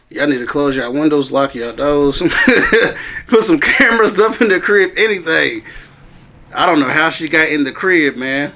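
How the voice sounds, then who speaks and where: A man's voice: fairly high pitch, bright, forceful tone. A man animatedly telling a story in casual chat, acting out quotes and laughing often. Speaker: cast member telling a story.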